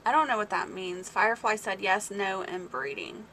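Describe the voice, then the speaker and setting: A woman chats on a farm livestream in a bright, clear voice at a middling pitch. She is excitable and talkative and reads comments from her viewers aloud as she goes. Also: moderate pace, slight background noise. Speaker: small-farm livestream host. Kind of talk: casual livestream chat with viewers.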